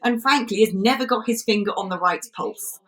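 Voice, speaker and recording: British woman co-host, sharp and sarcastic, mocks politicians in casual talk. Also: mid-range voice, fairly quick. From Britain. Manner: sarcastic, mocking, puts on comic voices.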